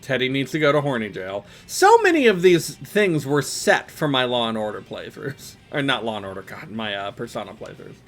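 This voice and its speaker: A man's voice: medium pitch, sing-song, normal speed, few pauses, faint music behind. A man casually commenting while he plays a fighting game, chatty and wry, drifting off on tangents. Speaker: streamer playing a fighting game.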